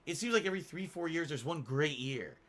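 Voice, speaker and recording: A man streaming live, reading chat aloud and mocking trolls in an animated, laughing way. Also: on the high side, brisk.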